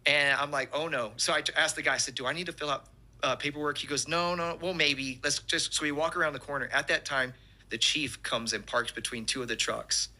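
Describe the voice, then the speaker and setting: A man, a pastor telling an animated testimony story and acting out the quotes. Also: a little high, fairly quick.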